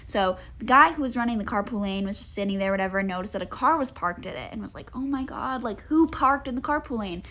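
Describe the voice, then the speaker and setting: Chatty bright young woman storyteller. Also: medium pitch, animated, fast talker, few pauses, slight background noise. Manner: chatty, says "like" a lot, acts out voices. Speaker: TikTok storyteller. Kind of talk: comic storytime.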